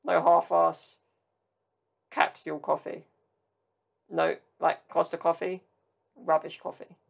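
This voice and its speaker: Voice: medium pitch, level tone, slow pace, gravelly. A podcast host from Southern Italy chatting casually on their own, rambling and drifting into tangents with jokey asides. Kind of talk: casual solo podcast chat.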